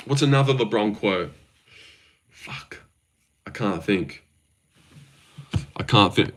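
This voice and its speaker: A man's voice: mid-range voice, expressive, normal speed, pushed and bright. A young Australian man hosting a casual livestream, rambling, joking and swearing as he answers his chat. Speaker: livestream host.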